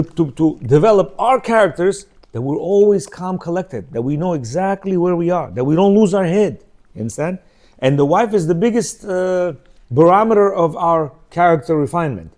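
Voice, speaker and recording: A middle-aged man teaches in a relaxed, talky way. His voice sits fairly high for a man but sounds warm and mellow. He keeps asking "yeah?" to bring the listeners along. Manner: conversational, keeps checking in with "yeah?" and "you know"; acts out quoted speech in shifting voices. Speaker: religious teacher. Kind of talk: informal Torah lecture.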